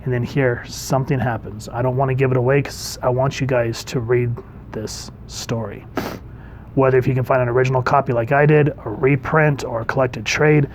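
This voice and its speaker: A man, a dad, casually reviewing an old comic book and reading panels aloud in a chatty, relaxed way. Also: medium pitch, a little fast, a little hiss or hum.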